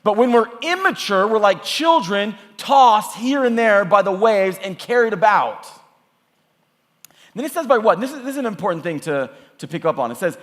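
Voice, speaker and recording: A man in his thirties, a youth pastor, preaching to a youth camp in a casual, animated way, full of "like"s. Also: high-pitched, normal speed, big-room sound. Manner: casual, animated storytelling with many "like"s. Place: large church hall or auditorium.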